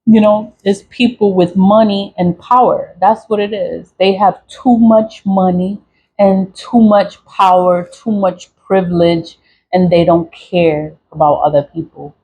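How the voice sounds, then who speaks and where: A woman's voice: medium pitch, slow pace, a little mellow, husky, poor audio. A woman vlogger venting to camera in a profane, repetitive rant, with short laughs and sighs. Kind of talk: angry venting monologue to camera.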